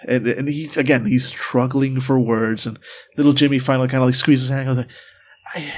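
A man narrating a tabletop game as game master, halting often with fillers and restarts. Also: medium pitch, steady tone.

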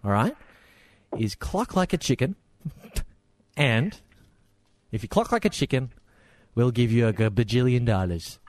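A man's voice: medium pitch, lively intonation, a little slow, long pauses, darkish tone, no echo. A man hosting a comedy show in playful, rambling, hesitant chat. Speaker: comedy podcast host.

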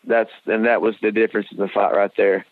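On a fight podcast, a male co-host chats casually about sports, rambling with frequent restarts and plenty of blunt cursing. His fairly low voice barely moves in pitch and runs slightly fast, captured in a dry, tinny, phone-like recording.

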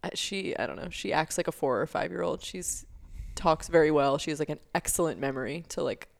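A woman's voice: low voice, fairly quick, creaky. Chatty young woman telling a story. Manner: chatty, filler-heavy storytelling with laughs. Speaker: podcast co-host. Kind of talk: casual chat.

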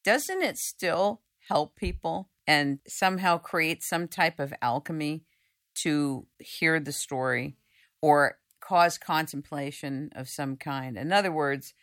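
An American woman hosts the interview with a lowish voice that swings widely in pitch. She coaxes her guest with animated questions. Her tone is expressive throughout. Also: unhurried. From United States. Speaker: podcast host.

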